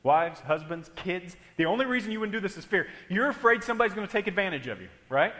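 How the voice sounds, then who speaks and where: Bright-voiced pastor preaching in a reverberant hall. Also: male voice, high-pitched, animated, brisk. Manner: emphatic, addresses the congregation directly. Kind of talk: sermon. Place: church hall.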